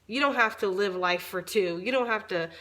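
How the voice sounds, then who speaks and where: A woman doing a casual tarot reading for her viewers, chatty and informal, swearing freely, her voice a little raspy from long talking. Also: medium pitch, moderate pace, sharp tone. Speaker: tarot reader.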